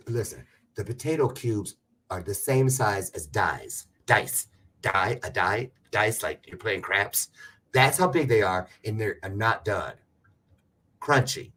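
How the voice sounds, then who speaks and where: Lively chatty man hosting a livestream. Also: on the low side. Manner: chatty, joking, rambling with self-aware asides. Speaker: livestream host. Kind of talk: casual livestream chat with viewers.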